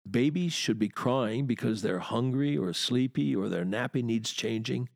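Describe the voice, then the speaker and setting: A man delivers a poetry lecture at an unhurried pace, lingering on each important word. His voice carries a gravelly rasp. The recording is close and dry, with no room sound. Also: lowish voice, no echo. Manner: deliberate, emphatic, savoring key words. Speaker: literature teacher.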